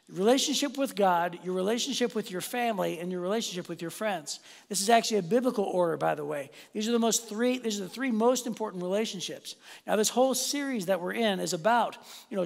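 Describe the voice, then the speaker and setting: A man preaching a sermon as a pastor, telling a personal story in an animated, self-deprecating way and speaking straight to the congregation. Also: high-pitched, vocal fry. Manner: animated, self-deprecating, addresses the audience directly. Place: church auditorium. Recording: long hall reverb.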